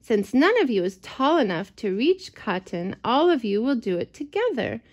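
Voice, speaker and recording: A woman voicing a proud, silly female goose in a storybook read-aloud, speaking with brisk confidence. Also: on the high side, sing-song, darkish tone. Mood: smug. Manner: confident, self-assured, brisk.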